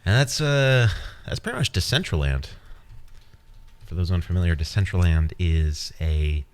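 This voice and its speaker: A man's voice: deep voice, darkish tone. A man hosting a podcast, rambling playfully and guiding the listener through an imagined scene. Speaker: podcast host. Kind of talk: casual podcast monologue.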